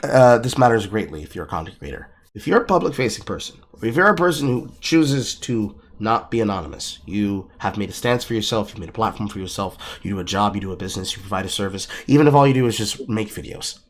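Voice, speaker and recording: A man's voice: fairly low pitch, expressive, fast, few pauses. A man hosting a live-streamed podcast, lecturing emphatically and swearing freely as he makes his points. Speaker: podcast host. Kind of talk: casual podcast commentary. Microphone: streaming mic.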